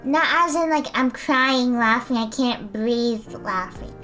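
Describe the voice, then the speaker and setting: A woman's voice: a little high, slow, pushed and bright, soft background music. A young woman streaming and chatting casually with her viewers, giggly and talkative. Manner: giggly, chatty, fills silence with talk.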